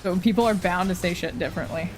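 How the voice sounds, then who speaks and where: A woman's voice: on the low side, quick pace, over music. A woman chatting casually while streaming a game, rambling, swearing freely and laughing often. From Canada. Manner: rambling, profane, frequent laughs.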